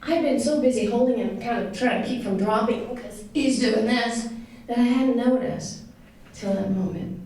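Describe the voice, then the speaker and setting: A woman's voice: on the high side, normal speed, a little mellow. A woman tells a personal story to an audience in a conversational, heartfelt way, with many fillers and self-corrections. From United States. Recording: echoey room, voice picked up from a distance with some noise.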